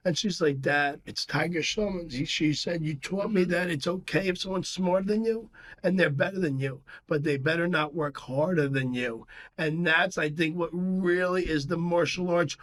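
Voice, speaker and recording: A man chats on a podcast as a guest. He tells long, rambling stories with lots of fillers and restarts. His voice sits a bit high for a man. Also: moderate pace. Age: 50s. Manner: animated storyteller, rambling with many fillers. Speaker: podcast guest, martial arts instructor. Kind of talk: casual chat.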